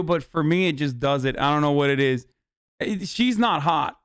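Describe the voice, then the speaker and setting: A man's voice: a little high, animated, normal speed, fairly bright tone, clear, resonant tone, no room sound, clean studio sound. A man streaming live, reacting to a video with rambling, profane, joking commentary. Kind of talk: casual livestream commentary.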